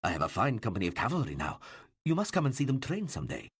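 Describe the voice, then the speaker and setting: A man voicing a ruler's eager, flattering younger brother in an audiobook. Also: medium pitch, fast talker, husky, no room sound, studio quality, heavily acted. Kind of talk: audiobook character voice.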